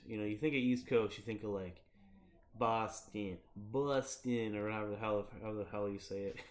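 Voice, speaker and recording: Rambling, laughing livestream guy. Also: fairly low pitch. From Michigan. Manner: rambling, laughs often, swears casually. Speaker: streamer. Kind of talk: casual livestream chat.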